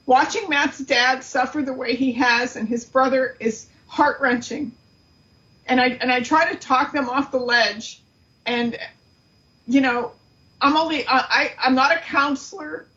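A middle-aged woman, a guest on a talk show, telling a painful story in an earnest, halting way. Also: high-pitched, fairly even intonation, bright, forceful tone, lo-fi sound. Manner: earnest, grief-stricken, halting. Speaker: guest, aunt of the subject. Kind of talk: emotional interview storytelling.

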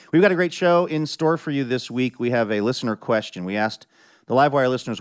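A man hosting a public radio show, bantering with his announcer and reading ads. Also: medium pitch. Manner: upbeat, bantering.

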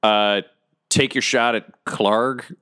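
A man chatting casually as a player in a tabletop game, jokey and planning out loud. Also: fairly low pitch, fairly even intonation, slow, smooth.

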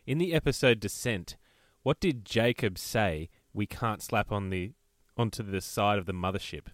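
A man co-hosting a podcast in casual chat, teasing the others and running a quick quiz. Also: on the low side, no echo. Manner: teasing and goading. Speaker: podcast co-host and quizmaster.

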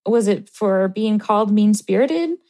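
A woman guest on an advice podcast, talking in a thoughtful, even way. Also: mid-range voice, a little slow. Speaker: podcast guest, math tutor. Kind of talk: casual advice chat.

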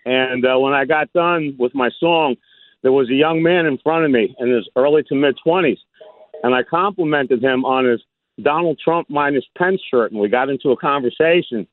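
A man's voice: on the high side, moderate pace, no room sound. A man calling a radio talk show, telling a story in a chatty way. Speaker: caller. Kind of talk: phone-in chat. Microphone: phone. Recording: tinny phone line.

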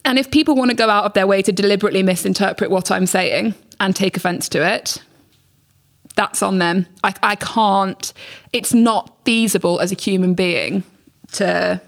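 A young woman speaking as a podcast guest in a frank, animated casual chat, swearing freely and acting out messages she received. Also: medium pitch, moderate pace, gravelly.

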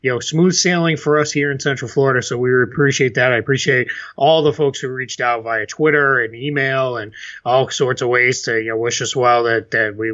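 A man's voice: mid-range voice, a bit bright. A male podcast co-host in casual chat who walks listeners through contract details step by step. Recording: dull lo-fi sound.

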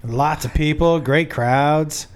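A man's voice: fairly high pitch, slow pace, a loud crowd. A man co-hosting a podcast, teasing the others in dry, joking banter. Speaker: podcast co-host, comedian. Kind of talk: casual chat.

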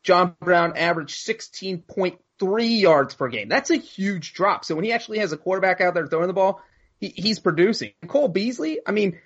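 A man's voice: high-pitched, animated, a little fast, a bit bright, slightly rough. Stat-heavy male sports co-host. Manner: analytical, citing stats. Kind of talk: casual sports talk. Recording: muffled lo-fi audio.

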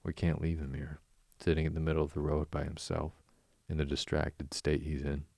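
A man voicing a gentle, anxious male mole who worries aloud in a storybook reading. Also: extremely low pitch, completely flat delivery, normal speed, vocal fry, dry recording, clean studio sound, full character voice.

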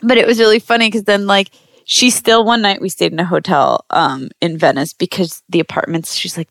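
A woman's voice: lowish voice, steady tone, a little fast, a bit bright, dry recording. Young woman guest, chatty storyteller, dry close sound. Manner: chatty, many fillers, acts out quotes. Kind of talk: casual storytelling.

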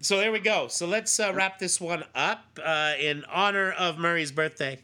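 A man's voice: high voice, normal speed, bright, forceful tone. A man co-hosting a podcast in casual chat, rambling with many fillers and restarts. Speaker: podcast co-host.

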